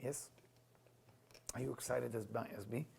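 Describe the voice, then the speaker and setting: A man teaching Kabbalah in an animated lecture, emphatic and excitable in English. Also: medium pitch, unhurried, creaky, background noise. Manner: excitable, emphatic, non-native English with Hebrew phrases.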